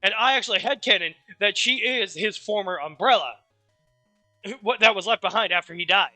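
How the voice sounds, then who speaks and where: A man streamer casually recapping a story, rambling and animated, with offhand swearing. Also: high voice, fairly quick, no echo, faint music behind.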